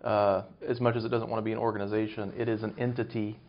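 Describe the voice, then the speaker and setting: A man speaking as an interview guest, measured and academic, thinking aloud as he explains. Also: lowish voice, flat delivery. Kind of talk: conversational interview. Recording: dull lo-fi recording.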